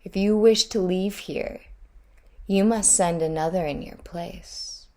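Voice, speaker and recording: Taunting demons of the underworld speak low and steady, as a woman reads them in a storybook. The voice stays calm and slow. They sound cold and mocking. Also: a little hiss or hum.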